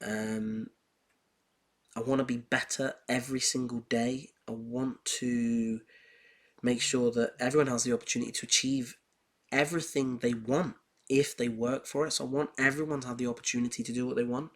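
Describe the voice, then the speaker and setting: A man's voice: medium pitch, steady tone, normal speed. A young man hosting a podcast, talking in a casual monologue and telling personal stories emphatically, with a lot of repetition. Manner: emphatic, heated storytelling with repetition. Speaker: podcast host. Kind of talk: casual monologue on self-improvement.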